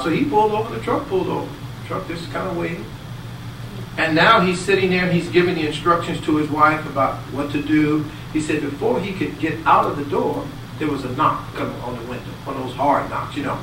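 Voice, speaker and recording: A man giving a sermon, telling a story with acted-out quotes and swinging between loud and hushed delivery. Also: a little high, fast talker, far from the mic. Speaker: speaker giving a Bible talk. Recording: echoey hall, speaker away from mic, audible noise.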